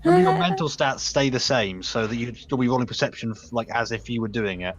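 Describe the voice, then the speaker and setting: A man's voice: mid-range voice, sing-song, fast. A young man running a tabletop game as game master, describing scenes casually with frequent restarts.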